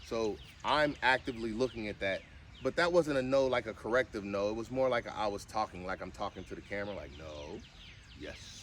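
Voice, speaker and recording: A man's voice: quick pace, fairly bright tone, a little hiss or hum. A man filming a casual vlog while training his service dog, mixing firm short commands with chatty explanations. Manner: firm short commands, with high sing-song cues.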